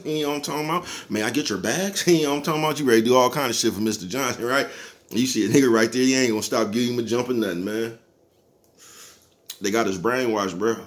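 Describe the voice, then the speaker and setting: With a medium-pitched, fairly bright voice, a man vlogs a relaxed motivational talk full of profanity and preachy street slang. He laughs often and keeps checking in with listeners: "you know what I'm talking about?"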